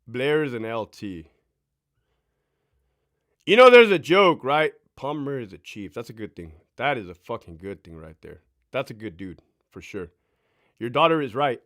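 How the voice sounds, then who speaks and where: A man's voice: a little high, fairly bright tone, no echo, studio quality. Profane chatty man on a livestream. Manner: profane, boastful, laughing, addresses chat directly. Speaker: livestream host. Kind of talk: casual livestream chat reading comments. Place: home.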